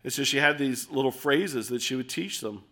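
A middle-aged man preaching an expository sermon, earnest and animated, acting out little scenes as he explains the text. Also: mid-range voice, normal speed.

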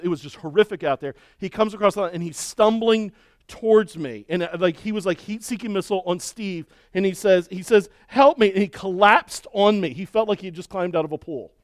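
A middle-aged man preaching a sermon and telling a story with lively, acted-out shouting and cheering. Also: high-pitched, a little fast, no room sound, clean studio sound. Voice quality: balding. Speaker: pastor.

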